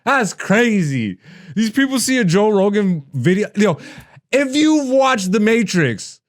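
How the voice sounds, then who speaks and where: A man in his thirties hosting a comedy podcast, ranting with heavy profanity and mockery, dropping to low mutters and rising to loud animated bursts. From Ethiopian heritage.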